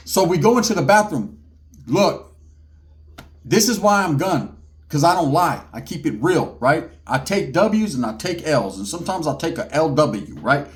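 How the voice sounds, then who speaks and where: A man's voice: on the high side, big pitch swings, normal speed. A middle-aged man from California, a former inmate, telling a story in casual street slang with punchy sound effects.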